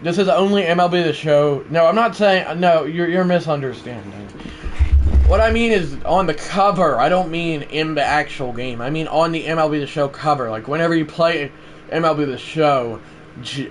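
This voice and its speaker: A man live-streaming a baseball video game, chatting to viewers and breaking into loud play-by-play calls. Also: mid-range voice, slight background noise, rough recording. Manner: rambling chat to viewers, bursting into shouted play-by-play calls. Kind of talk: live game commentary and chat.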